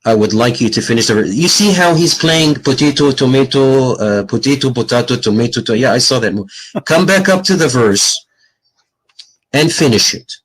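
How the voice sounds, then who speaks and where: A man's voice: medium pitch, lively intonation, normal speed, rough recording. A man debating in an online voice chat room, taunting and mocking his opponent.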